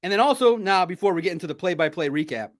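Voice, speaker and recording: A middle-aged man hosts a casual sports recap. His voice sits a little higher than most men's. He tells his stories in an animated, chatty way. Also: fast. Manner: animated, chatty storytelling with laughs. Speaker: podcast host.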